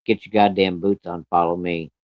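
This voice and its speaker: A man doing a gruff, stern farmer dad. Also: sits low, flat delivery, moderate pace, no room sound, highs cut off, close to an everyday voice. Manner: gruff, blunt, profane. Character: stern, suspicious farmer father, quick to anger.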